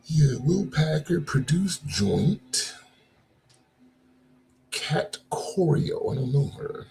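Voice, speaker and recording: A man's voice: a little high, big pitch swings, drawn-out words, gravelly, warm tone, a little hiss or hum. A man co-hosting a podcast, casual chat, joking and laughing often. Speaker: podcast co-host.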